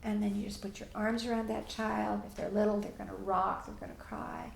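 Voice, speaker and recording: A woman's voice: mid-range voice, flat delivery, a little fast, gravelly, roomy sound, slight background noise. A woman teaching parents and answering audience questions, plainspoken and direct, often acting out what parents and children say.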